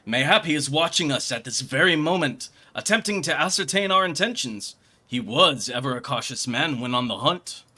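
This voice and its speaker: A man voicing a pompous, grandiose male inspector from a game, loud and theatrical. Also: animated, moderate pace. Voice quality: high, booming, theatrical. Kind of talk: reading game dialogue aloud in voices.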